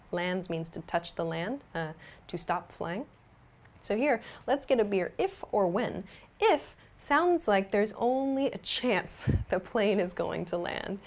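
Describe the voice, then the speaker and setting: A woman explaining English grammar in a patient, clear lesson, with frequent small fillers. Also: medium pitch. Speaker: English teacher.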